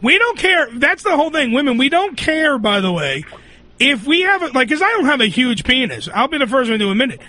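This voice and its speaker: High, bright-voiced man hosting a crude show. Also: sing-song, brisk. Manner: rambling, crude storytelling. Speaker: radio show host. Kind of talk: crude comedy talk show.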